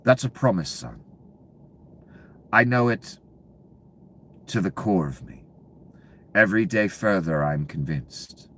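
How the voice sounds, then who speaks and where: Angry ranting man, lively swings. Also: slow pace, pauses often, slight background noise. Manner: profane, ranting, swings between low mutters and loud bursts. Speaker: commentary channel host. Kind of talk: angry political rant.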